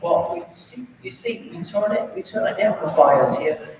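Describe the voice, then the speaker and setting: A man voicing a boastful British rock musician in a deliberately bad put-on British accent, in an echoey hall. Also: high-pitched, huge pitch swings, recorded from a distance, noisy background, voice pushed up. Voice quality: exaggerated, self-mocking accent.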